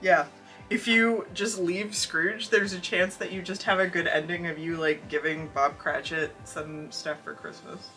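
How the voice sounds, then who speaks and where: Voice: medium pitch, fairly even intonation, unhurried, recorded from a distance, music in the background. A podcast co-host reading a children's storybook aloud and breaking off for wry, joking asides. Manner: wry, laughing commentary.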